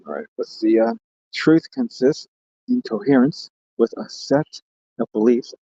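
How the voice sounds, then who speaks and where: A man's voice: mid-range voice, big pitch swings, a little slow, creaky, mellow, breathy edge, no room sound, lo-fi sound. A man hosting a livestream, chatting casually and joking as he rambles and reads out viewer comments. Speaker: livestream host.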